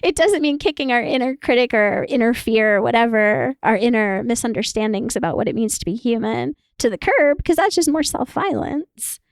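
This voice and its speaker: Animated woman therapist, bright high voice. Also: a little fast, few pauses, no room sound. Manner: animated, acts out quoted voices, laughs often. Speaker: therapist guest. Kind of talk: casual podcast conversation.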